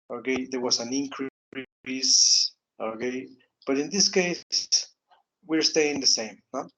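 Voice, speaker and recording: Halting teacher, tags "no?". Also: male voice, medium pitch, pushed and bright, low-quality recording. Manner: halting, repeats words, frequent "okay" and "no?" tags. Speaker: English teacher. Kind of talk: online grammar lesson.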